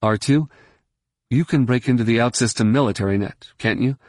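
A man voicing a calm middle-aged leader in a science fiction audiobook, steady and measured. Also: medium pitch, no room sound, studio quality, close to an everyday voice.

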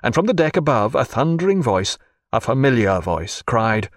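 Guy narrating an audiobook, lively up-and-down voice, dry close sound. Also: mid-range voice, moderate pace, no echo. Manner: expressive storytelling reading. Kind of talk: scripted narration.

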